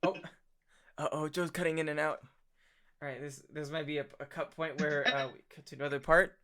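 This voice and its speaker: A man's voice: on the high side, steady tone, a little fast, sharp tone. A man hosting a podcast in casual, joking chat. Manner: chatty, joking. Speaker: podcast host.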